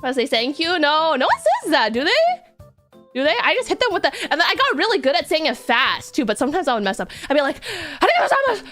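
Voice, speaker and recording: A woman's voice: high-pitched, sing-song, fast, fairly bright tone. A young woman streaming, chatting casually in a rambling, giggly, self-deprecating way. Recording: faint music behind.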